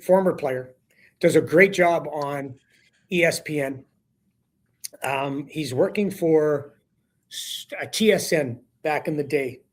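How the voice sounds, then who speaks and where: Brief: male hockey broadcaster guest, lively raconteur, slightly high voice, talk-show chat. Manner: animated storyteller, acts out quotes with rising voice. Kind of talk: casual storytelling on a sports talk show.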